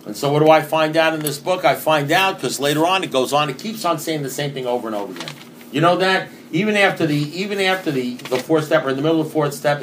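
A man's voice: fairly high pitch, fairly bright tone, a little hiss or hum. A man giving an earnest recovery talk, reading passages from a book and repeating points for emphasis, now and then rising to emphatic bursts. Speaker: recovery meeting speaker.

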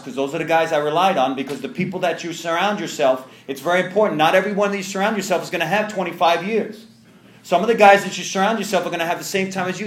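A man sharing a personal recovery story with an audience, animated and full of restarts. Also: a little high, echoey room. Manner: animated, self-interrupting storyteller with many restarts. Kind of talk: storytelling testimony to a live audience.

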